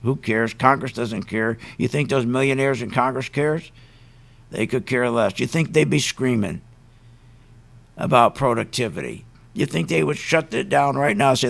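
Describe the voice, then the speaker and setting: A man's voice: mid-range voice, moderate pace, vocal fry. A man hosting a talk radio show, ranting with indignant emphasis and rhetorical questions.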